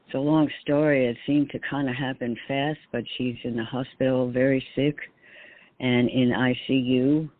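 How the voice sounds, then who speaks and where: A man's voice: medium pitch, level tone, moderate pace, no room sound. A man from New York calling a radio show, polite and worried. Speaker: caller. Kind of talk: phone call to a radio show. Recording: dry tinny phone line.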